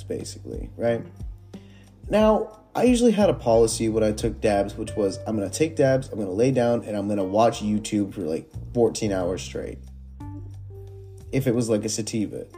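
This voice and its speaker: A young man telling stoner stories from Reddit in a rambling, animated way, full of fillers and swearing. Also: medium pitch. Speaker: storyteller reading Reddit posts. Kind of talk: casual storytelling.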